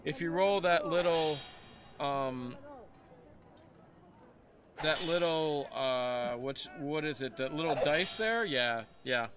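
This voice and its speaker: A man's voice: fairly high pitch, slow pace, long pauses, noisy background. A man acting as game master, explaining the rules in a loose, rambling way with lots of fillers. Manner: rambling, relaxed, many fillers. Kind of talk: casual tabletop game narration.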